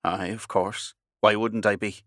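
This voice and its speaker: A man playing a blunt, short-tempered sea captain with an Irish accent and a gruff manner. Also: lowish voice, little pitch movement, unhurried, a bit bright, no room sound, studio quality. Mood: curt.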